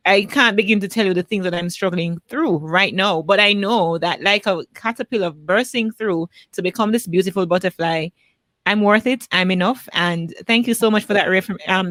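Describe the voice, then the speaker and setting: A woman's voice: mid-range voice, moderate pace, a bit bright, dry recording. A woman with a Jamaican accent hosting a podcast, earnestly thanking her guest and addressing her community. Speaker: podcast host. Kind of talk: interview closing.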